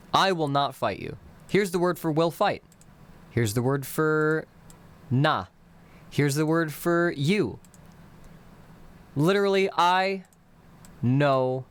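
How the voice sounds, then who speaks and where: Slow-talking man teaching a made-up language. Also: on the high side. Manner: slow, explanatory, breaks words into literal glosses. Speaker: conlang teacher streaming live. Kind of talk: casual live-streamed language lesson.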